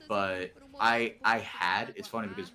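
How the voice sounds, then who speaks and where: A man's voice: lowish voice, steady tone, measured pace, pushed and bright. An American man co-casting an esports match in casual chat, often stumbling and repeating words as he starts a sentence. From United States. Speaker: esports co-caster.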